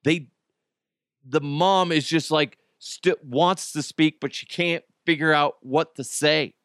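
Slow, unhurried male podcast storyteller. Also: a little high, fairly bright tone, no echo, clean studio sound. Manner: conversational, loose, with frequent fillers and restarts. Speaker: podcast host. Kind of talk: casual storytelling.

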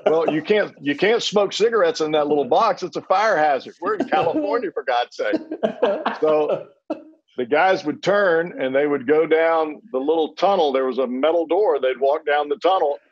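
A man, a former closing pitcher, telling a rambling story on a panel with many restarts and chuckles. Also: animated, normal speed, dull audio.

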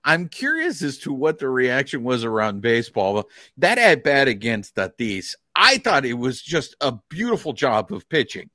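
A man's voice: medium pitch, big pitch swings, normal speed, hardly any pauses, bright, forceful tone, dry recording, studio quality. A man hosting a casual interview podcast, talking bluntly and swearing freely as he builds up to a question. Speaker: podcast host.

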